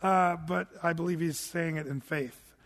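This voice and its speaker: A man's voice: a little high, fairly even intonation, unhurried, creaky, fairly bright tone, big-room sound. A man preaching a sermon, teaching through Bible verses in a conversational way with joking asides. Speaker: pastor.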